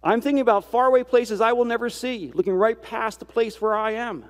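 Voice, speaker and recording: Man, high-pitched, easygoing devotional speaker who asks the audience questions and teases himself, long room echo. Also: fairly quick. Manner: rhetorical questions and self-deprecating asides. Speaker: speaker giving a reflective Christian talk. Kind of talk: conversational devotional talk.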